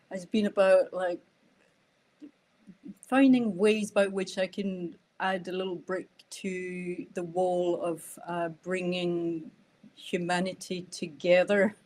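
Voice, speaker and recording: A middle-aged woman from France with a French accent touched by an Irish lilt, talking slowly and hesitantly with many fillers in a podcast interview. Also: lowish voice, a little mellow. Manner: hesitant, searching for words, frequent fillers and laughter. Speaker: guest, nonviolent communication trainer.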